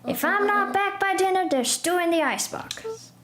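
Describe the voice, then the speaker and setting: A woman's voice: very high-pitched, lively intonation, moderate pace, fairly bright tone, pitched above the performer's own voice. A woman voicing a strict, commanding old grandmother from a game, in a roomy space with faint noise. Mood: stern.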